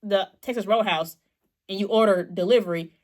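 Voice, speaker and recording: A young woman co-hosting a chatty podcast, telling a work story in a lively, animated way and acting out the people in it. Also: mid-range voice, normal speed. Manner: animated storyteller, acts out callers in raised voices. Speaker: podcast co-host. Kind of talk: casual storytelling.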